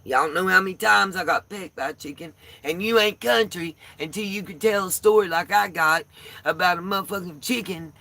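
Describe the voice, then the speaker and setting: A woman's voice: fairly low pitch, vocal fry, a bit bright, no echo. A woman, the host of a livestream, telling a profane, colorful down-home story in a casual way.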